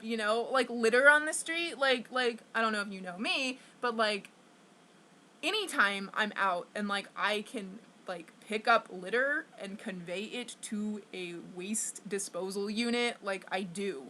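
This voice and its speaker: A woman's voice: fairly high pitch, measured pace, bright, forceful tone. A young woman venting to her camera, rambling with constant fillers and swearing, stressed and upset. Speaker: vlogger.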